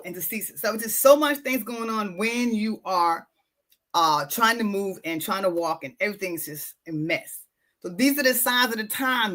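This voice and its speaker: Bright-voiced woman coaching her listeners. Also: medium pitch. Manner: repetitive, emphatic, addresses listeners directly. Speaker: podcast host, wellness coach. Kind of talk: casual motivational talk.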